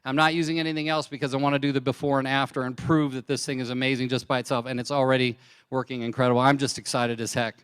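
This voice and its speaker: Man, stage testimonial, animated storyteller, smooth clear voice. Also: medium pitch, fast. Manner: animated storyteller, acts out his wife's lines. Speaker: distributor sharing product testimonial. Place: large conference hall on stage. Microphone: handheld mic.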